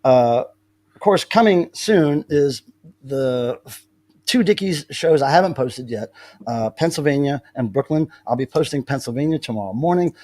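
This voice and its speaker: A man's voice: mid-range voice, lively intonation, normal speed, darkish tone. A man hosting a casual live stream, telling rambling stories with many restarts. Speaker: livestream host.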